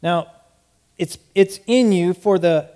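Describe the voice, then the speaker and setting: A man's voice: sits high, slow, warm tone. Earnest male pastor preaching. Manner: earnest, repeats words as he preaches. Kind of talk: sermon. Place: small church.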